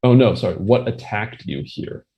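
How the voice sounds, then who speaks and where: A man playing a tabletop game, asking careful, deliberate questions. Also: fairly low pitch, lively intonation, slightly rough, dull audio. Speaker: player. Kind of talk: tabletop game play, casual.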